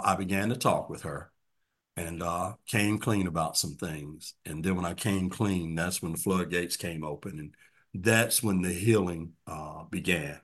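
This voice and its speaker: A man in his sixties, a guest in an interview, telling his story earnestly and reflectively, often dropping to a soft, quiet voice. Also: deep voice, husky. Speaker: guest, formerly incarcerated man.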